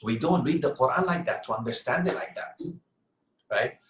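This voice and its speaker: A man's voice: mid-range voice, animated, normal speed, fairly bright tone. Earnest man preaching in an echoey room. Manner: earnest, rhetorical questions and answers. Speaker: Islamic lecturer. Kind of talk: sermon-style talk on parenting.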